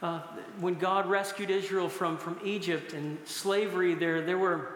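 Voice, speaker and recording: Preaching in a high-sitting, slightly bright voice with fairly even intonation, this middle-aged pastor talks a little slowly. He tells stories and laughs now and then, and the recording has a faint hiss or hum and the long reverb of an echoey hall.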